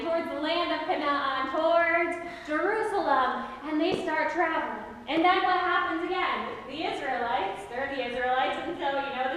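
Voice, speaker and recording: A woman pastor telling a Bible story in an animated sermon, acting out the voices of its people. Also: high voice, slight background noise. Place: large church sanctuary. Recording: echoey hall from far off.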